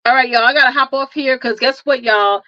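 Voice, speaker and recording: A woman hosting a casual livestream, lively and chatty, laughing often and calling listeners honey and girl. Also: sits high, a little fast, no echo. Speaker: livestream host and marketing coach. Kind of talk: casual live chat. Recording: dull lo-fi, dry sound.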